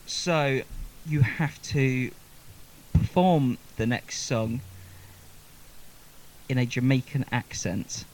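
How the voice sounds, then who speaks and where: A man's voice: mid-range voice, drawn-out words, long pauses, darkish tone, slight background noise. A man hosting a music session, chatting in an upbeat, jokey way and laughing often. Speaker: host of a music session show. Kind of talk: casual hosting chat.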